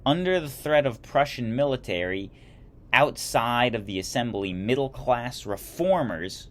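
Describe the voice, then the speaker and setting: A man's voice: mid-range voice, lively intonation, unhurried, fairly bright tone, slight background noise. A man reading a history textbook aloud as a teacher, stumbling and correcting himself, with chatty asides in between.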